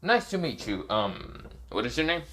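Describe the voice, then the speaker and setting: A man's voice: mid-range voice, very animated, normal speed, a bit bright. A man voicing a polite, formal male phoenix spirit from a fan story. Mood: courteous.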